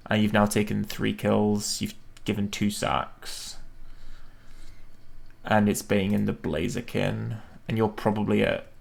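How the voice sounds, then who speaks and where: A man's voice: lowish voice, monotone, unhurried, gravelly. A man streaming a video game, thinking aloud and questioning himself as he plans a battle. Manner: musing, self-questioning, hesitant.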